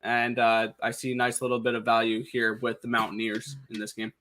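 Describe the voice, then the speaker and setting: A man co-hosting a sports betting show, talking quickly through point spreads and picks with frequent restarts. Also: mid-range voice, little pitch movement, sharp tone. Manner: fast, number-heavy with frequent restarts. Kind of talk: casual picks talk.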